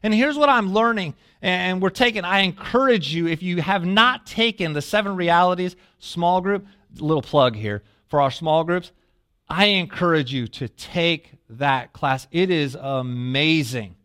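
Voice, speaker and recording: Man, pastor, sermon, high bright voice, animated storytelling. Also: a little slow, smooth. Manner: animated storytelling, asks the congregation questions.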